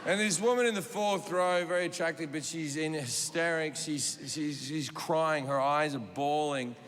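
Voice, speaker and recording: A man's voice: fairly high pitch, normal speed, fairly bright tone. A man in his forties doing stand-up comedy, telling a profane story with punchy delivery on a big stage. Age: 40s. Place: stage in a large venue. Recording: reverberant hall with audience noise.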